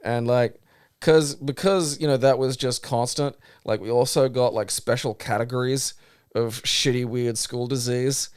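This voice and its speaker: A man's voice: mid-range voice, a little slow, clear, resonant tone, no echo, studio quality. A man with an Australian accent, co-hosting a podcast in casual, rambling, sweary chat. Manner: sweary, rambling, animated storytelling. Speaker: podcast co-host.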